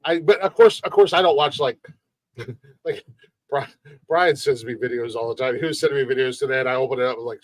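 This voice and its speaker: Here a medium-pitched male co-host talks a bit quickly with no echo over a streamed podcast mic. On this casual comedy podcast he spins animated stories, curses a lot, and performs the lines he quotes.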